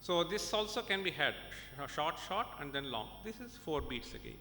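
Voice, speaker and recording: Bright-voiced Indian man lecturing in a hall. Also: sing-song, normal speed. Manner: explains step by step, checks in with "okay?" and "right?". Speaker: professor lecturing at a conference. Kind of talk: lecture with examples and recitation. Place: conference hall. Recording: echoey hall with faint rumble.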